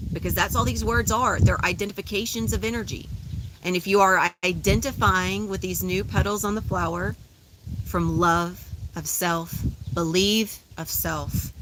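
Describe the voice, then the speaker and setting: Woman guiding a slow meditation. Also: on the low side, noisy background. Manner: slow, soothing, repetitive instructions. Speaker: spiritual guide. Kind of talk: guided meditation.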